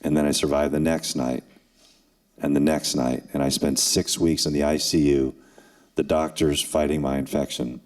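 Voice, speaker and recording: Older guy, really low voice, earnest storytelling to students at a forum, pauses for effect. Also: level tone, a little mellow. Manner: earnest, with dramatic pauses and acted quotes. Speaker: former NFL kicker and forum speaker. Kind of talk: emotional personal storytelling to students. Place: event hall.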